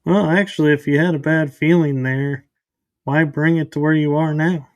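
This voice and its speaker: A relaxed, curious male host chats easily with his guest. His voice sits a bit higher than most men's, and the recording is dry and close with no room sound. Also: moderate pace, no room sound. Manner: relaxed and curious, easy reactions. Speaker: podcast host. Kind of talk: casual interview chat.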